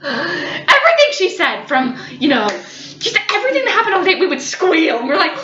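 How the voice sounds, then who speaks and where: A young woman vlogger with an extremely high voice, talking a little fast, tells a funny personal story. She giggles and retells it with animated drama, recorded in an echoey room with slightly dull audio.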